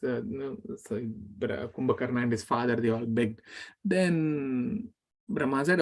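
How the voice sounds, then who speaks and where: A male scripture-class teacher retells an epic with lively energy, voicing the characters' lines aloud. His pitch is medium and he takes it slowly.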